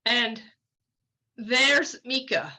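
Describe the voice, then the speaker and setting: A woman's voice: fairly high pitch, lively intonation, drawn-out words, bright, forceful tone, rough recording. A woman in her fifties telling a long personal story as a podcast guest, chatty and meandering, full of fillers and asides. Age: 50s. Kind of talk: casual storytelling.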